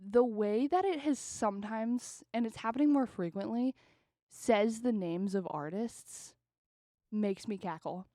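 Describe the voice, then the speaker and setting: A young woman co-hosting a podcast, telling stories in a casual, animated way and laughing often. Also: on the high side, a little slow, no echo, clean studio sound. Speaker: podcast co-host. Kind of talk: casual chat.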